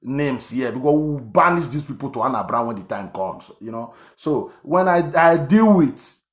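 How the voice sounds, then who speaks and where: A man's voice: mid-range voice, lively intonation, moderate pace. A Nigerian man around fifty, talking politics in an emphatic, repetitive way, with many fillers and restarts. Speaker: online commentator. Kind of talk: political commentary monologue. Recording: echoey room.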